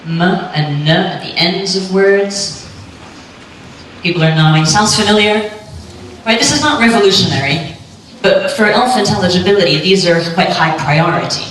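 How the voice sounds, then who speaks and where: A woman giving a clear, lightly joking talk on pronunciation to a live audience at a conference. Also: on the low side, moderate pace, a bit bright. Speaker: conference speaker on pronunciation teaching. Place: lecture hall. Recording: echoey hall, distant mic, faint hum.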